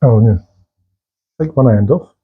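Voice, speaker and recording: A man chatting casually as he brews and pours his own beer in a home bar shed, relaxed and asking tag questions. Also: medium pitch, unhurried, slightly rough, narrow, tinny audio. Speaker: home brewer. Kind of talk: casual how-to chat. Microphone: camera mic, held by a helper.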